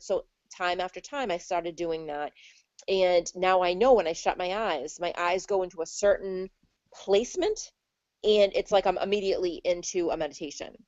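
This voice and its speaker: A woman speaks casually as an interview guest, chatty and animated as she acts out her own reactions. The recording sounds dull and muffled. The room is dry. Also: on the low side, dry recording.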